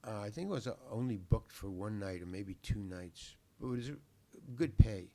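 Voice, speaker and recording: A man's voice: lowish voice, animated, moderate pace, warm tone. An older man, a guest on a talk show, telling a long anecdote in a laid-back, rambling way, repeating words and cursing freely. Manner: laid-back, salty language.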